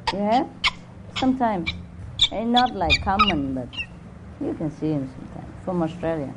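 With a fairly low voice that swings widely in pitch, a woman moves at a moderate pace as she hosts a spiritual center gathering before a live audience. She talks casually, teases people good-naturedly, coos over her pets and speaks English with loose non-native grammar. Background noise fills this indoor live recording.

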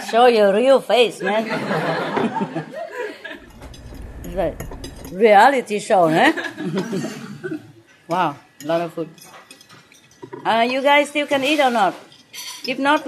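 This restaurant host speaks slowly in a fairly high voice, pausing often while she jokes and laughs with her guests. Her non-native English carries snippets of French, and the clatter of dishes fills the busy dining room.

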